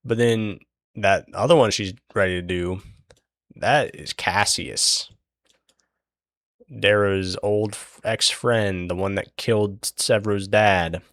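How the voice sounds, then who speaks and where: A man's voice: lowish voice, steady tone, slow pace, fairly bright tone, no echo, studio quality. A man casually recapping a book while he draws, rambling and swearing, with lots of fillers and restarts. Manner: acts out characters' lines in his retelling. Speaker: channel host recapping a book.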